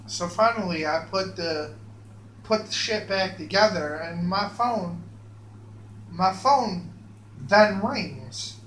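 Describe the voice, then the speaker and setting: A man's voice: high voice, slow pace, a bit bright. A man telling a rambling personal story, profane and stammering, with many restarts. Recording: echoey room with faint hum.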